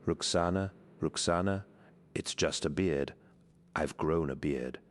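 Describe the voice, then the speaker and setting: A man voicing an adult male spy, earnest and regretful, pitched above his own voice. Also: slow pace. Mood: soothing.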